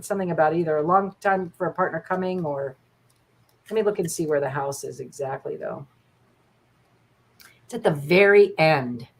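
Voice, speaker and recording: A woman reading tarot cards as a guest on a livestream, chatty and upbeat, often tagging lines with "right?". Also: fairly low pitch. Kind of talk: casual card reading on a livestream.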